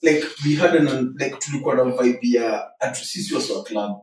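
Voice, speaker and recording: A young man tells relaxed stories on a podcast, weaving English and Swahili slang together. He sits away from the mic in a room with a noticeable echo, and faint background noise comes through. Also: medium pitch, fairly quick. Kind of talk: casual chat. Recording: echoey room, far from the mic.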